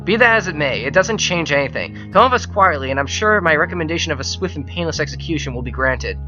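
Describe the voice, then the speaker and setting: A man reading aloud the lines of a game figure who calmly accuses a soldier of murder and arrests him, in a measured, formal way. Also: on the high side, highs cut off, music in the background, close to an everyday voice. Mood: cold. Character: cold male accuser arresting a traitor.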